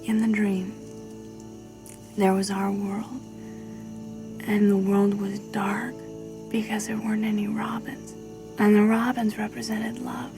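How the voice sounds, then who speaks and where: An actress playing an earnest, hopeful young woman in a film, speaking in a soft, breathy whisper with slow, sincere delivery. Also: medium pitch, level tone. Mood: dreamy. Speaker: film character. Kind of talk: film dialogue monologue. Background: soft new-age instrumental music.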